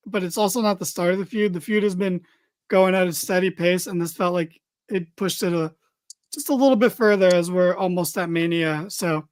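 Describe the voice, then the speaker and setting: A man's voice: sits high, no echo. A man hosting a casual wrestling podcast, recapping a show in a loose, chatty way with lots of fillers and the odd swear.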